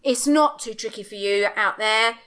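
Bright, emphatic woman ranting. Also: fairly high pitch, normal speed. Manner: emphatic, blunt, swears freely. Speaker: podcast co-host. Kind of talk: passionate casual rant. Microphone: video call.

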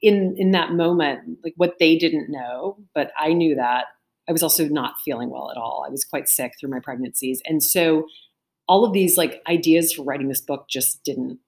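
Low-voiced woman telling a lively story. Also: moderate pace, gravelly. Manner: lively anecdotal storytelling, acts out quotes. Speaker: auctioneer and author, guest. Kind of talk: storytelling interview answer. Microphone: remote video call.

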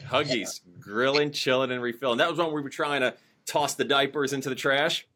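A man's voice: mid-range voice, steady tone, brisk, pushed and bright. A man in his forties hosting a podcast, chatting casually with jokey, self-deprecating banter. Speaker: podcast host.

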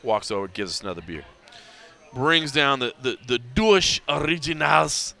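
A man's voice: medium pitch, moderate pace. A middle-aged man hosting a podcast, telling a story in casual chat, acting out what people said and leaning on "like" a lot. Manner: animated storyteller acting out quoted dialogue, heavy use of "like". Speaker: podcast host.

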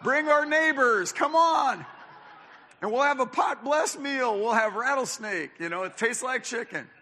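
A man putting on the voice of a rowdy, excited male churchgoer who handles snakes, whooping and shouting. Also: very high-pitched, a little slow, in a large hall, pitched above the performer's own voice, full character voice.

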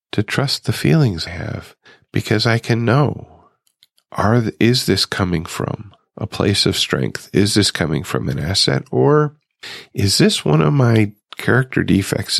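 A man's voice: fairly low pitch, animated, unhurried, gravelly, dry recording, clean studio sound. A middle-aged man hosting a recovery podcast, talking reflectively and putting questions straight to his listeners. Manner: musing, conversational, asks listeners direct questions. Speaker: podcast host. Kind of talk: reflective solo podcast monologue.

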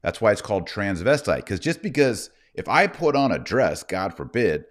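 A man's voice: fairly low pitch, sing-song, normal speed. A middle-aged man hosting a live online show, talking in a mocking, rambling way. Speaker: livestream host. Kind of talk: livestream commentary.

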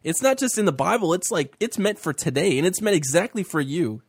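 A man with a fairly high voice, teaching through a Bible story on a faith talk show. He is animated and voices the characters' pleas with feeling. The recording is close and dry. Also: fairly quick, breathy edge, no room sound. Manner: animated, acting out the biblical speakers' lines.

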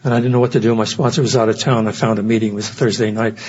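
A man's voice: on the low side, level tone, very fast, a little mellow, dull audio, a little hiss or hum. An older man giving an earnest, reflective personal talk at a recovery meeting. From United States. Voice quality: very husky.

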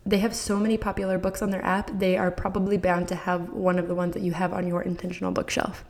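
A woman's voice: fairly low pitch, monotone, quick pace, gravelly, a little mellow. A woman hosting a podcast who gives parents enthusiastic, encouraging advice and speaks straight to the listener. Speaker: podcast host.

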